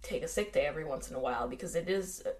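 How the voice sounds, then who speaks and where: A woman's voice: low voice, very fast, darkish tone. An American woman co-hosting a true-crime podcast in casual chat, with dry sarcastic asides. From United States. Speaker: podcast co-host.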